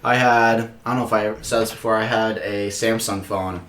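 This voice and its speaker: A young man co-hosting a podcast, telling animated, profanity-filled stories and laughing often. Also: fairly low pitch, normal speed. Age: young adult. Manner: animated storytelling, swears a lot, laughs often. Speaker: podcast co-host. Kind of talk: casual chat. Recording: echoey room with faint noise.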